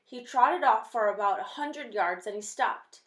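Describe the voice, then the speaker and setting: A woman's voice: a little high, unhurried. Woman reading a children's story. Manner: steady expressive storytelling. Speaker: reader. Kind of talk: reading a children's novel aloud. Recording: roomy echo.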